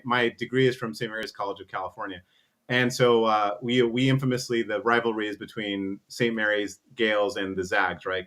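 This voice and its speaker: A man telling a long profane anecdote in casual chat, acting out the other people's lines as he goes. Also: lowish voice. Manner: profane, animated storytelling with voiced asides.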